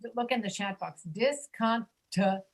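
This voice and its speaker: A woman with a mid-range, fairly bright voice teaches ESL pronunciation in an online class over a video call, and the recording quality is low. She patiently drills words, repeating them slowly.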